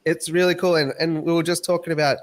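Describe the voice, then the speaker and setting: An Australian man hosting a casual live stream, talking in a relaxed, rambling way. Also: on the high side, fast talker. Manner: relaxed, rambling, many fillers and restarts.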